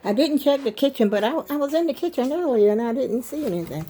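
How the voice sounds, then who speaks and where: A woman's voice: high-pitched, animated, quick pace, mellow, slight background noise. Older woman, rambling vlog chat, talks to viewers as y'all, trails off, phone camera at home. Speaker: vlogger. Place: at home, indoors. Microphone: handheld phone camera.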